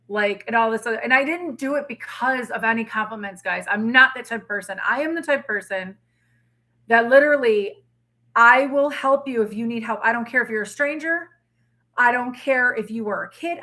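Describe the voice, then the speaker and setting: A woman's voice: a little high, sharp tone. A middle-aged woman hosting a tarot livestream, telling a story in casual, emphatic chat. She sounds tired, with a drained throat. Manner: storytelling, emphatic, candid with occasional swearing. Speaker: tarot reader livestream host.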